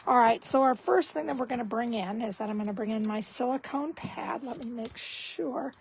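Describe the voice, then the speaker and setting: A woman giving a casual card-making tutorial, talking slowly and thinking aloud as she works. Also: fairly high pitch, vocal fry, slight background noise, rough recording.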